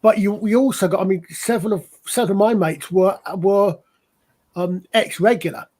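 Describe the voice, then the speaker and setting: A man's voice: sits high, normal speed, a little mellow. A middle-aged Scottish man chatting on a panel show, rambling and often restarting his sentences. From Scotland. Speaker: panel member. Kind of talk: casual panel chat.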